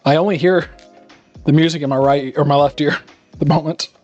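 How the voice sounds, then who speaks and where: A man's voice: fairly high pitch, fairly even intonation, a little fast, darkish tone, highs cut off. A man rambling sarcastically and animatedly in casual chat while he cooks live in his home kitchen. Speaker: live-streaming home cook. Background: faint music.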